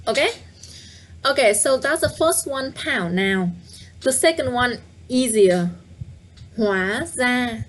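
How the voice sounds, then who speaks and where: Woman, live online teacher, patient, slow speech, faint background hiss. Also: fairly high pitch. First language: Vietnamese. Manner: patient, repeats words slowly, asks viewers to guess. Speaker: Vietnamese teacher. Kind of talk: live online language lesson.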